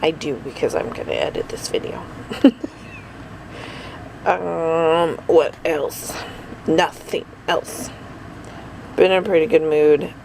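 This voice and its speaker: A woman's voice: low-pitched, slow pace, gravelly, pauses often, a little mellow, slight background noise, low-quality recording. A tired middle-aged woman rambling through a casual daily vlog, full of fillers and asides. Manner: rambling, chatty, lots of fillers. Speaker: vlogger.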